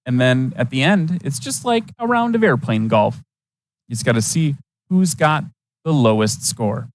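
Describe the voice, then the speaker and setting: A man's voice: mid-range voice, expressive, moderate pace, no room sound. A man from Wisconsin giving chatty, enthusiastic live commentary at an aviation competition, with folksy asides. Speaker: event commentator.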